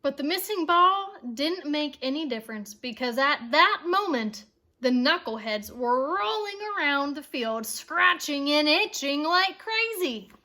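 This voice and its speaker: A woman reading a children's chapter book aloud, with expressive, playful storytelling and asides to her listeners. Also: high voice, unhurried.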